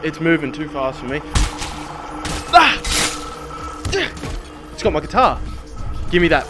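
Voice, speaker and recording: A man's voice: on the high side, very animated, unhurried. A young man playing a horror game, swearing and yelping with fright as he talks over it. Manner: swearing, yelping and shrieking at jump scares. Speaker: gaming YouTuber. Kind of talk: horror game playthrough commentary. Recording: game music loud behind the voice.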